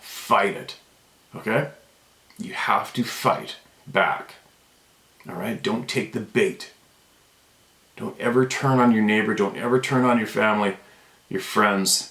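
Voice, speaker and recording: A deep-voiced man speaks straight into his camera, hammering his points home and repeating them as he grows more fired up. The room around him rings with a noticeable echo. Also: a bit bright. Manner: fired-up, emphatic, repeats himself. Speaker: channel host. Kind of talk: impassioned unscripted rant to camera.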